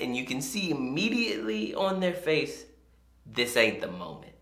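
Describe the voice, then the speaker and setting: A pastor preaching a sermon, retelling scripture in a conversational, animated way with casual asides. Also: mid-range voice, moderate pace, roomy sound.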